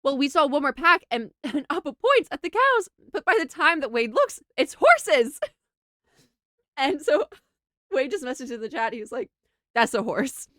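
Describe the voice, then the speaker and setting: A young woman streamer telling a funny travel story to her chat, animated and giggly, with lots of laughing and filler words. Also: sits high, moderate pace, no echo, studio quality. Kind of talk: casual storytelling to a livestream chat.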